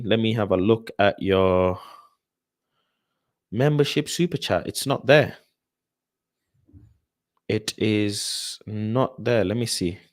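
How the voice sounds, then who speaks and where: A man hosting a casual football live stream, talking in slang and repeating his phrases. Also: mid-range voice. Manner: chatty, uses slang, fillers and repeated phrases. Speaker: football channel host.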